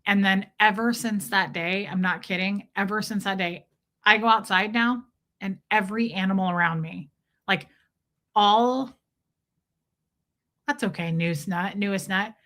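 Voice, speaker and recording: A woman's voice: medium pitch, a little slow, long pauses, sharp tone. A woman hosting a livestream, telling rambling, jokey stories in a casual chat with viewers. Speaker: livestream host.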